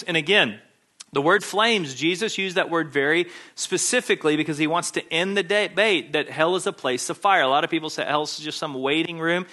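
A man's voice: on the high side, a little fast, sharp tone. A man preaching a sermon, emphatic and insistent, hammering home his points by repeating key phrases.

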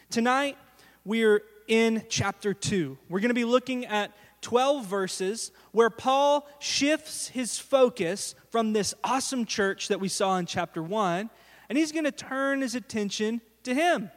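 Lively high-voiced pastor in a reverberant hall. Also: male voice, unhurried. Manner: animated storytelling, acts out quotes. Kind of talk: sermon. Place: church sanctuary.

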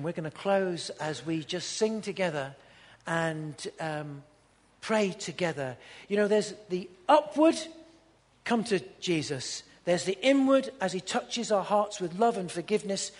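A man preaching a sermon, swinging between loud ringing peaks and hushed low passages. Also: big-room sound. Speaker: pastor. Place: church.

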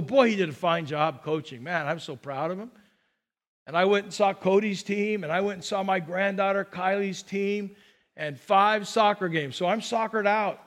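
High-voiced older man preaching a sermon. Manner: animated storytelling, acts out scenes. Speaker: pastor. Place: church.

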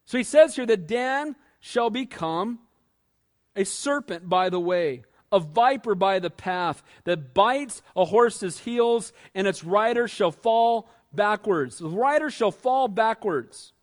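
Casting: male pastor with a strikingly high voice, lively, chatty sermon delivery. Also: slow pace. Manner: lively, conversational preaching, asks the listeners questions.

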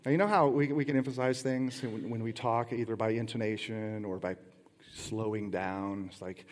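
A man's voice: on the low side, steady tone, a little fast, darkish tone. A middle-aged man preaching a sermon in a conversational way, with rhetorical questions and playful asides. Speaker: pastor. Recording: long hall reverb.

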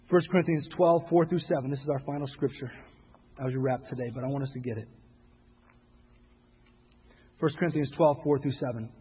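A male pastor preaching a sermon, pleading with his listeners and rising to loud, impassioned exhortation. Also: mid-range voice, husky. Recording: phone-like sound with long hall reverb.

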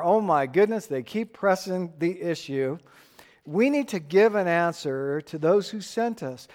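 Slow, high-voiced male preacher. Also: lively intonation, darkish tone, big-room sound. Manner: slow, emphatic preaching with playful asides to the congregation. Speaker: pastor. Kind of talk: sermon.

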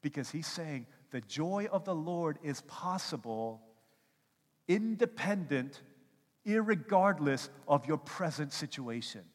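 A male pastor preaching a sermon, telling animated stories and acting out quotes as he goes. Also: on the high side, takes it slowly. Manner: animated storytelling with acted-out quotes. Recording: long hall reverb.

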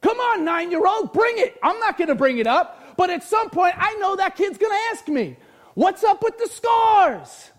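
A man preaching a lively sermon in a church hall with bleachers. His voice sits very high, and he often breaks into shouts as he tells funny stories about himself. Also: moderate pace, hardly any pauses. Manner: animated, often shouting, joking storyteller. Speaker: pastor.

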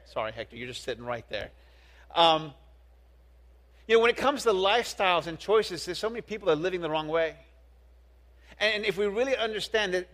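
Young guy preaching to a youth group, really high voice, acts out what people say. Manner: animated preaching, acting out quoted voices, repeats words. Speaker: youth pastor. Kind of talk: sermon.

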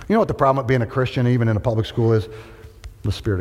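A middle-aged man with a mid-range voice preaches a storytelling sermon at a very fast clip, animatedly acting out every character and quote as he goes. A long reverb from a large hall surrounds his voice.

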